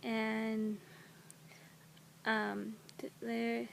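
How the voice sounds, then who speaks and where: A woman's voice: on the high side, monotone, gravelly, a little hiss or hum. Young mother telling a candid story. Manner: candid, emotional, halting with restarts. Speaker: new mother. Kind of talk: personal storytelling vlog. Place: home.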